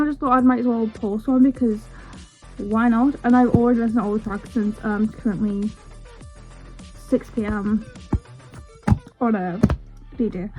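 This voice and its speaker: A young woman chatting excitedly and casually through an unboxing vlog, swearing now and then. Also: a little high, narrow, tinny audio. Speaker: vlogger.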